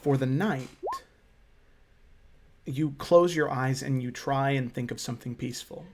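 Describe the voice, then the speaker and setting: A man's voice: mid-range voice, measured pace, noisy background. A man narrating a tabletop fantasy game as game master, describing scenes with hesitant restarts. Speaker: dungeon master.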